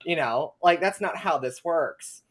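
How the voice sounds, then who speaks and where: A young man chatting as a guest on a live show. He talks in an animated, sarcastic way, swears freely and laughs a lot between points. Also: a little high, measured pace. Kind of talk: casual live chat.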